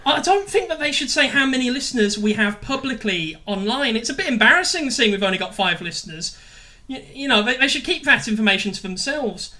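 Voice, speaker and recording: A man hosting a comedic radio show, joking and self-mocking with quick asides. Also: very high-pitched, animated, sharp tone. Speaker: radio host.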